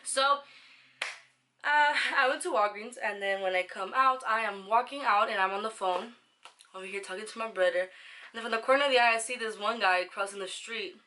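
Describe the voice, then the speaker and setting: A young woman tells a personal story to her viewers in a casual vlog. Her voice is bright and forward. She rambles, slips into slang and swears now and then. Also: medium pitch, a little fast. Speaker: vlogger.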